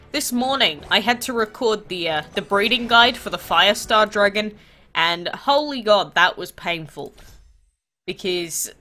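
Stuffy-nosed woman, bright and lively. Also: mid-range voice. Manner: chatty, animated, full of rhetorical questions. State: congested, stuffy-nosed from a cold. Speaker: mobile game channel host. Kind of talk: casual gaming vlog chat.

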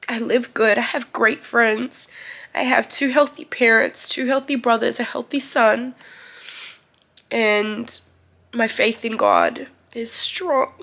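A young woman speaks openly in a personal vlog, tearful and emotional as she talks. Her slightly high voice carries a gravelly edge. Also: expressive, slow, a bit bright. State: crying. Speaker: vlogger.

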